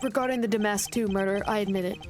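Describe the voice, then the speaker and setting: A woman's voice: medium pitch, fairly even intonation, fast, noisy background, close to an everyday voice. Woman reading as a smug older male villain. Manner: condescending, calls his accuser boy. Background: game music.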